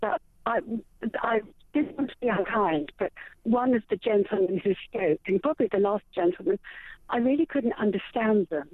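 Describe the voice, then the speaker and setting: A woman's voice: mid-range voice, animated, normal speed, dry recording. An older woman calling into a radio phone-in, polite and slightly rambling. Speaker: caller. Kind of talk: phone-in call. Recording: tinny, dry phone line.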